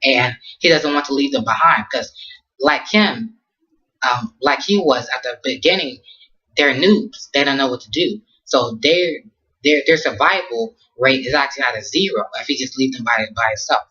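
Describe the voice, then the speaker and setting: Slangy man recapping an anime, bright voice. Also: mid-range voice, moderate pace, lo-fi sound. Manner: slangy, rambling, many fillers and restarts. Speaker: anime reviewer. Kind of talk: casual episode recap.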